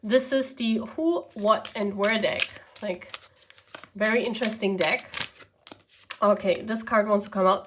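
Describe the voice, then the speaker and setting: A woman's voice: mid-range voice, measured pace, long pauses, background noise. A woman with a German accent, German as her first language, giving a chatty pick-a-card tarot reading to her viewers. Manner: chatty, often adds "okay?" and "yeah?". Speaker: tarot reader.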